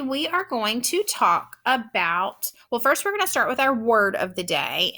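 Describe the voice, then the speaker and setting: A woman teacher walks children through a phonics lesson, speaking slowly and carefully. Her voice sits a little high and sounds bright and crisp. She encourages them warmly as she explains each step. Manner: slow, clear, encouraging teacher talk.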